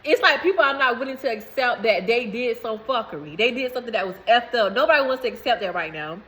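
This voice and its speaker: A woman talks straight to her viewers in a loose, rambling way. Her voice sits a little high and sounds bright and forceful. She circles back over her words and breaks into laughs between phrases. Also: expressive, fast talker, rough recording. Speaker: vlogger. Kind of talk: casual spiritual talk to camera.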